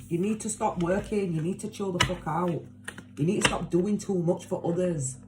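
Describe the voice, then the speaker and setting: A woman's voice: on the low side, moderate pace, background noise. A woman giving a casual tarot reading to her viewers, talking emphatically and bluntly, swearing, repeating herself and caring. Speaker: tarot reader.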